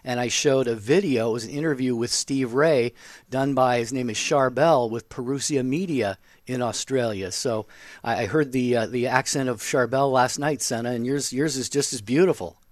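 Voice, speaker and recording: A man's voice: medium pitch, moderate pace, no echo. Chatty male radio co-host, dry studio. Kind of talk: phone-in radio chat.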